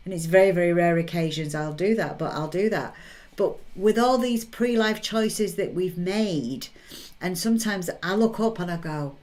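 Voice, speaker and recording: A middle-aged woman, a spiritual medium, hosting a live stream and reading out viewer comments in an emphatic, energetic, chatty way with frequent check-ins. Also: fairly low pitch.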